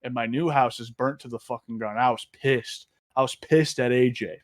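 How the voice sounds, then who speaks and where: A man's voice: mid-range voice, moderate pace, dry recording, studio quality. A young man, a podcast guest, telling stories in casual chat, swearing often and laughing as he talks. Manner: profane, laughing, animated storyteller.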